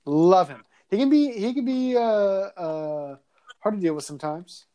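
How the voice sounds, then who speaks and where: A man co-hosting a podcast and telling stories in casual chat. He is animated, crude and often laughs. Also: high-pitched, measured pace, clean tone. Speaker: podcast co-host.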